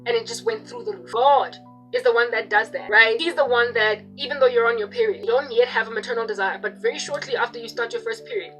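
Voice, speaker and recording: A young woman with a high voice delivers a fervent religious monologue at a quick clip. She hammers her points home with emphatic repetition. Soft music plays faintly behind her. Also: animated, poor audio. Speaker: Christian video preacher.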